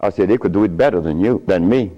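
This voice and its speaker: An older man speaking to a live audience, telling a lively story with chuckles and acted-out dialogue. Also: sits low, quick pace, highs cut off. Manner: animated, chuckling, acts out dialogue.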